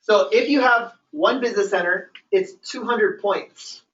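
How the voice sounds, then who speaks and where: A man's voice: high-pitched, a little slow, a bit bright. Male trainer, emphatic and repetitive group coaching; distant mic, dull room recording. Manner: repetitive, emphatic coaching with frequent "okay?" check-ins. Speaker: business trainer. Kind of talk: motivational training talk to a group. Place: meeting room with a live audience. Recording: roomy, distant, dull sound.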